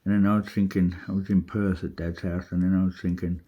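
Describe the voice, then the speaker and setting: A man's voice: deep voice, flat delivery, a little fast, hardly any pauses, slightly rough. A man delivering a rambling, urgent spiritual monologue to camera, full of swearing and restarts. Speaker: vlogger. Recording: dull lo-fi audio.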